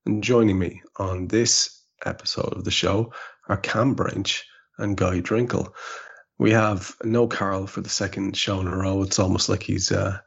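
An Irish man hosts a casual podcast with a deep, gravelly voice that has a husky edge. His talk is wry and chatty, and the sound is dull and lo-fi. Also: little pitch movement, a little slow. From Ireland. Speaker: podcast host. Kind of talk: casual chat. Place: home in rural Ireland.

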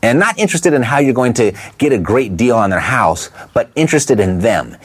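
Man, instructional talk, emphatic, rhetorical questions, lively pitch, mid-range voice. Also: husky. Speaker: real estate investing coach.

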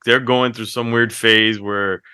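A man on a podcast, co-hosting and telling stories in a casual, animated way that breaks into laughter. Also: mid-range voice, a little slow, clear, resonant tone, no room sound, clean studio sound. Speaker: podcast co-host. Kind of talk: casual chat, storytelling.

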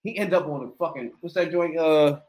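A man's voice: fairly high pitch, brisk, darkish tone, rough recording. A man in casual reaction chat, talking loosely and searching for words. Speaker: reaction co-host.

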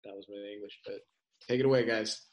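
Dude hosting a sports pod, pretty monotone, swears a lot, lots of um and you know. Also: male voice, fairly low pitch, fast talker. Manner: loose, profane, filler-heavy. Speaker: podcast host. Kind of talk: casual sports chat.

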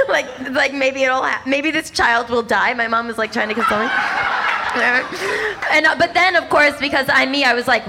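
High bright animated woman comedian. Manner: animated, swings into exaggerated character voices and squeals; rapid, breathless asides with lots of "like". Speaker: stand-up comedian. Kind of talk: stand-up storytelling.

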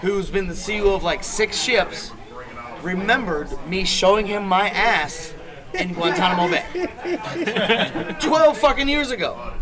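High-voiced guy telling crude stories and laughing, lots of crowd chatter behind. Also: takes it slowly, long pauses. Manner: profane, laughing, animated anecdotes. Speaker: podcast host. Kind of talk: casual storytelling among friends.

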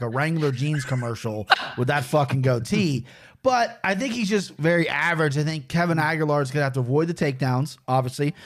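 A man hosting a casual betting podcast, his voice sitting a little higher than most. He talks in loose, profane, joking banter. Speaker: podcast host.

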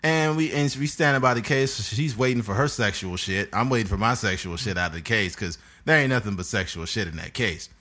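A man's voice: lowish voice, animated, brisk, hardly any pauses, bright, forceful tone. A man, hosting a podcast and telling a crude story in casual chat, laughing often. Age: 30s. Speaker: podcast host.

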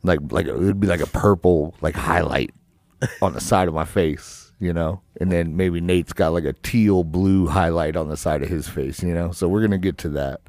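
A man co-hosting a podcast in relaxed, rambling chat with lots of fillers and some vocal fry, on a studio microphone. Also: low-pitched, moderate pace, no room sound. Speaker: podcast co-host.

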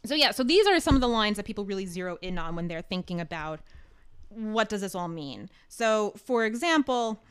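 A woman hosts a casual podcast, explaining at length in a chatty way. Her voice is smooth and clear, recorded close and dry. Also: medium pitch, animated, brisk, fairly bright tone, no echo. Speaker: podcast host.

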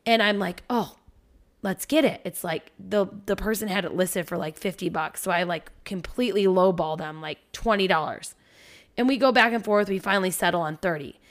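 A woman, a parent in her thirties, telling a story on a podcast in an animated, swearing, casual way. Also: mid-range voice, moderate pace. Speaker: podcast host.

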